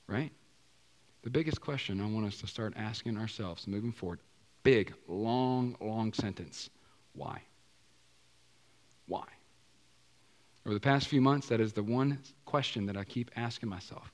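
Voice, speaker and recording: A male pastor preaching a sermon in a conversational way, often asking the congregation questions and using casual slang. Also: on the low side.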